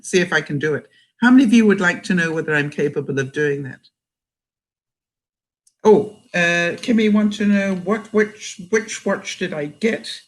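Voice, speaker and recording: Older canadian lady chatting on a livestream, laughs a lot, reads out comments. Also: on the low side. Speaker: vlogger. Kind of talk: casual livestream chat.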